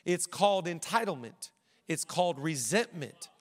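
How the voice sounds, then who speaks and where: A pastor preaching a sermon, animated and acting out quotes in character voices, in a large church hall. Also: male voice, on the high side, brisk. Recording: long hall reverb.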